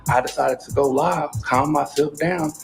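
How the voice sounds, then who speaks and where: Gravelly fairly high-voiced guy tellin what happened, worked up, music playin behind. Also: steady tone, moderate pace, rough recording. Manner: agitated, retelling a distressing event. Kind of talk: personal storytelling.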